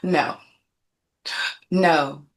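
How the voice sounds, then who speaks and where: A woman's voice: sits low, fairly even intonation, extremely slow, creaky. A woman in her fifties, a guest on a panel chat, telling stories in an emphatic, self-assured way. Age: 50s.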